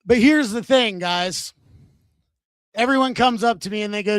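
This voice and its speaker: A man's voice: high voice, normal speed, clean tone, no room sound. A man in his thirties doing a stand-up comedy set on a venue stage into a handheld mic, with crude, self-mocking, punchy delivery.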